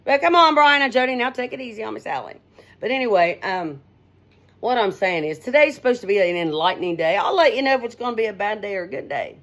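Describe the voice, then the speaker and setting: A middle-aged woman radio host giving a rambling, folksy straight-talk monologue, her pitch swinging up and down as she talks. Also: expressive, quick pace, a bit bright.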